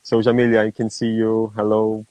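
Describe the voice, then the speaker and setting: A man from Brazil hosts a casual English interview over a video call, chatty and quick to get excited. His voice is fairly low, and the sound is dry and close. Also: no room sound, rough recording. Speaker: host.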